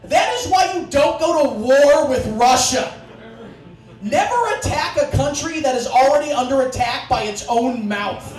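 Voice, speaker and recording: Sarcastic high-voiced man doing stand-up. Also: measured pace. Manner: profane, sarcastic, deadpan asides. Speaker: stand-up comedian. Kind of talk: stand-up comedy set. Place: comedy club stage with live audience. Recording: distant, echoey club recording with audience noise.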